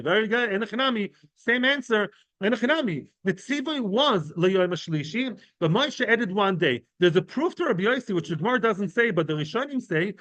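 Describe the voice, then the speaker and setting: With a high, slightly bright voice and no echo, a Talmud teacher gives an informal lesson to a class of men. He talks conversationally, explains each term through everyday examples, and often checks in with "right?" and "yeah?".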